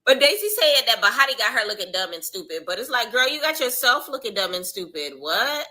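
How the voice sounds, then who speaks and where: Bright-voiced Southern US woman reacting live. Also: fairly high pitch, brisk. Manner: animated, slangy, laughs often. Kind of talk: casual live TV reaction commentary.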